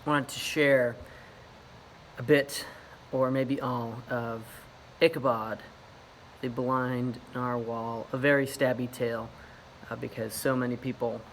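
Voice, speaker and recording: A man, the author, reading a picture book aloud in a lively, self-mocking storytelling manner. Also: medium pitch, a little hiss or hum.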